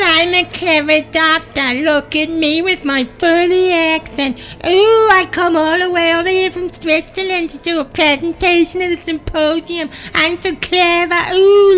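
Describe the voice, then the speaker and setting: A man's voice: very high-pitched, fairly bright tone, heavily acted. A man voicing a spiteful male American doctor who mocks a rival in a whiny, sneering way.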